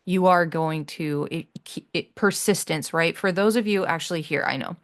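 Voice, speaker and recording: Woman podcast host w a low voice, earnest, reassuring, kinda halting n restarting a lot. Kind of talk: heartfelt solo podcast talk.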